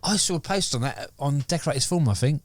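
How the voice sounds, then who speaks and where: A man with a fairly high, lively voice talks fast, and the recording has no room sound. Co-hosting a casual podcast chat, he rambles, using lots of fillers and restarting his sentences.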